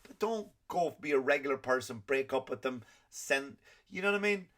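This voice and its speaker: A man's voice: medium pitch, animated, moderate pace, a bit bright. A man hosting a comedy podcast, ranting and swearing constantly in an exasperated, comic way. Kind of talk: profane comedic rant.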